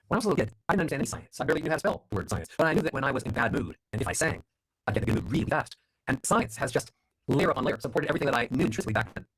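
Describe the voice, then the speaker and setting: A man who coaches voices tells stories at a rapid clip, slipping into playful quoted voices now and then. His tone is slightly husky. The sound is dry and close. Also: medium pitch, no echo, low-quality recording. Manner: animated storyteller, acts out voices in quotes. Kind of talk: interview guest, storytelling.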